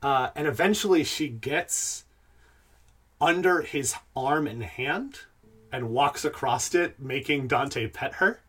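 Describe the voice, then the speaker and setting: A man narrating as game master of a tabletop game, relaxed and dotted with pauses. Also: mid-range voice, slightly rough.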